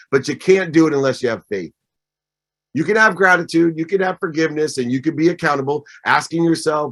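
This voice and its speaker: A man in his fifties gives a motivational speech as a guest speaker, emphatic and repeating phrases in triplets. His mid-range voice is fairly bright and his pace brisk.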